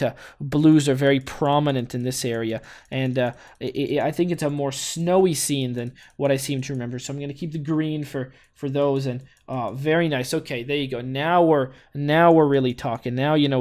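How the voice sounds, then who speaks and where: A man hosting a gaming channel, giving a playful mock art tutorial with halting restarts and cheerful self-praise. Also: mid-range voice, warm tone. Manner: halting, many restarts, cheerfully praises his own work.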